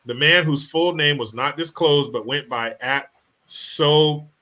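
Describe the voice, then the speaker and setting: A man's voice: fairly high pitch, slow pace, sharp tone. A man hosting a comedy podcast who delivers profane, mocking rants. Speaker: podcast host.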